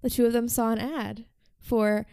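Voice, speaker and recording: A woman's voice: fairly high pitch, steady tone, moderate pace, a little mellow, smooth, no echo. A woman hosting a podcast, telling a story in casual chat with lots of "like" fillers. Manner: chatty, frequent "like" fillers. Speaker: podcast host.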